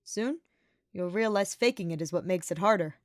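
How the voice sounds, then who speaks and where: A woman's voice: fairly low pitch, moderate pace, no room sound, studio quality, natural voice. A woman reading the lines of a playful, confident young male knight with a smirking delivery. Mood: teasing.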